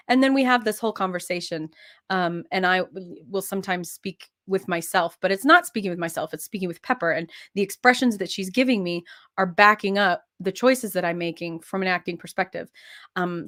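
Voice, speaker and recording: A woman's voice: mid-range voice, fairly quick, a bit bright. A young woman chatting casually and playfully, rambling while she works on a craft. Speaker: host.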